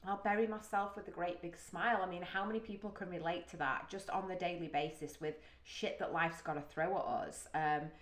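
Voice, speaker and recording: A woman's voice: lowish voice, fairly quick, few pauses. A British woman from the UK hosting a music reaction, talking casually and emotionally, thinking aloud with gasps and sighs. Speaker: music reaction video host. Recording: roomy echo.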